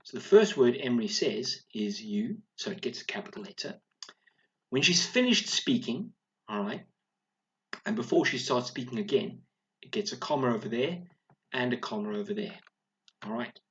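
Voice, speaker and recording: A man teaching a recorded video lesson to young schoolchildren, speaking clearly and encouragingly, often checking in with "all right?". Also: medium pitch, expressive, normal speed, fairly bright tone, lo-fi sound.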